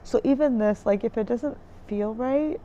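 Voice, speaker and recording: A woman's voice: a little high, moderate pace, dark tone, dull audio, slight background noise. A woman vlogger recapping her experience in a casual diary style, rambling and searching for words with many fillers, recorded in a dim room indoors. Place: dim room indoors by a window with trees outside.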